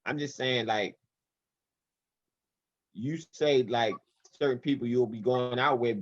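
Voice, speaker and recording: A man co-hosting a podcast in casual chat, pressing a question with halting restarts. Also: medium pitch, gravelly, dry recording. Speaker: podcast co-host. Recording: dull, dry lo-fi sound.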